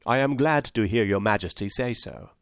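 A man's voice: lowish voice, moderate pace, dry recording, studio quality, lightly acted. A man voicing a reserved male detective who speaks coldly and formally. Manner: cold, clipped.

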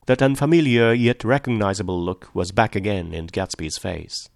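Gravelly male audiobook narrator. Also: sits low, normal speed, hardly any pauses, no echo, studio quality. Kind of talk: audiobook reading of a novel.

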